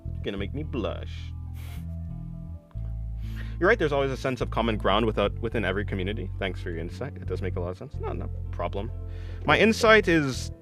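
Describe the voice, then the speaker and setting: A man's voice: on the low side, sing-song, brisk, pauses often, fairly bright tone, faint music behind. A young man chatting on his art stream, answering viewers in a rambling, self-correcting way and laughing often.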